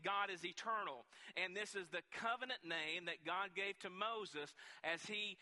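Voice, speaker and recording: A man's voice: sits high, sharp tone, in a large hall. A man preaching a sermon, teaching in a conversational way with frequent restarts and questions to the congregation. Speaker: pastor.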